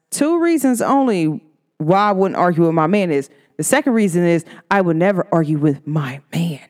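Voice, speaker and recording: A vlogger talks casually to the camera in a lowish, slightly mellow voice. She's blunt, outspoken and emphatic, often imitating the voices of people she quotes.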